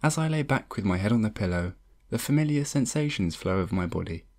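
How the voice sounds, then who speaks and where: Deep-voiced man narrating a story. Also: lively intonation, fast talker, a little mellow. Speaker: audiobook narrator. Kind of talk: first-person story narration.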